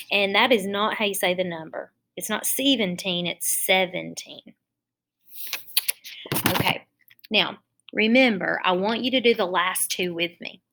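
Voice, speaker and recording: Slow, patient woman teaching phonics. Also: medium pitch, a bit bright. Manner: slow, patient, step-by-step explaining. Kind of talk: phonics lesson for young children.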